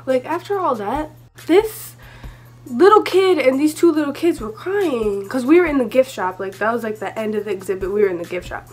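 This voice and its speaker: A woman's voice: fairly high pitch, darkish tone. A teenage girl telling a storytime vlog in a chatty, rambling way, full of asides and fillers. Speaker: vlogger.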